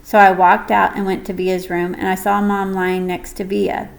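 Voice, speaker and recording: A woman reading a first-person audiobook story in a gentle, measured way. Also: medium pitch, level tone, creaky, slight background noise, poor audio. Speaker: audiobook narrator.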